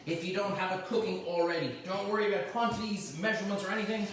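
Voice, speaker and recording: A man's voice: sits high, steady tone, quick pace, fairly bright tone. A middle-aged man with an Irish accent hosts a live cooking demonstration in his home kitchen, talking his viewers through a recipe and teasing his helpers with banter. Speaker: cooking show host. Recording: echoey kitchen, mic at a distance, faint noise.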